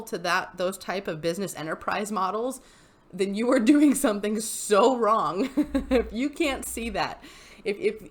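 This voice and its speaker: Exasperated, animated woman reacting to posts. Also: mid-range voice. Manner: exasperated and animated, laughs often. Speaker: YouTuber reading and reacting to Reddit posts. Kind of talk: casual comedic commentary.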